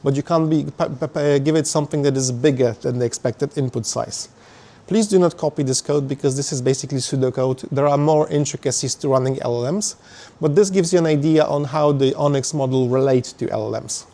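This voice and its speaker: A man gives a technical talk at a meetup venue, speaking as a conference presenter. His voice is medium-pitched and warm, his pace brisk. He explains things with frequent fillers and restarts.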